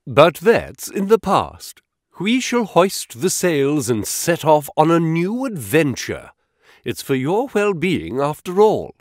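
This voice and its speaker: A crisp, teasing gentleman detective who lights up with eagerness as a male narrator puts him on, his voice lively and swooping. Slow, precise delivery, dry and close to the mic. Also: fairly high pitch, no room sound, voice pushed up, heavily acted. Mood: wry.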